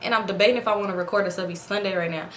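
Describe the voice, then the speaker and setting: At home at night in front of a ring light, a woman vlogger casually tells her viewers a story, animatedly acting out quoted dialogue in a raised voice. She talks rapid-fire at a medium pitch, in an echoey room with slight background noise.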